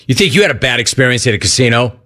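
A man's voice: medium pitch, lively intonation, rapid-fire, fairly bright tone. A man hosting sports talk radio, telling a rambling, jokey story and acting out the voices in it. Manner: rambling, jokey, acts out the voices in his stories.

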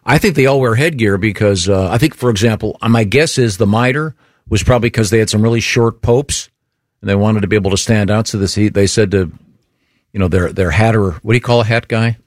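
A man's voice: lowish voice, a little fast, no room sound, studio quality. A man hosting a morning radio show, rambling through jokey theories with many fillers. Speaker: host.

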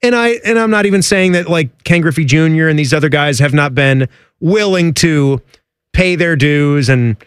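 A man's voice: normal speed, clean tone, no room sound, studio quality. A man co-hosting a sports radio show in casual, joking chat. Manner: animated, jumps high in pitch when joking.

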